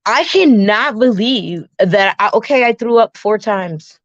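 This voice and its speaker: A woman casually telling a personal travel story, animated, often restarting and acting out her own and her friend's words. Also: mid-range voice, measured pace, dry recording. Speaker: guest storyteller. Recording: dull, dry lo-fi sound.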